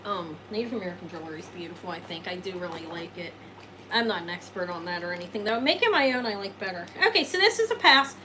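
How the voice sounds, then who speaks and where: Here a woman with a lowish voice and lively intonation talks fast while selling jewelry live, the background noisy. She rambles chattily, responds to viewers, and laughs and jokes self-deprecatingly.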